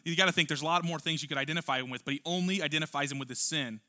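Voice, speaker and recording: Bright-voiced man preaching a sermon. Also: on the high side, racing. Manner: earnest, emphatic preaching with rhetorical questions. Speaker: pastor.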